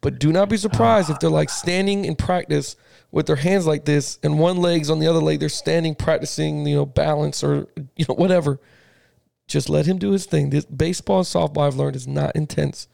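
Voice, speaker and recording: A man co-hosting a casual sports podcast, an animated, profane storyteller who keeps saying "listen to me". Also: on the high side, brisk, gravelly, dry recording, studio quality. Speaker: podcast co-host.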